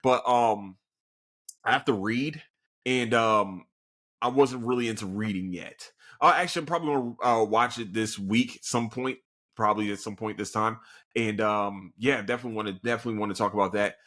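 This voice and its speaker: A man hosting his own podcast, ranting casually and profanely, excitable, then muttering apologies. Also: lowish voice, normal speed. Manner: animated, profane and excitable, swings between shouting and mumbled apologies. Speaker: podcast host. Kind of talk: casual solo rant.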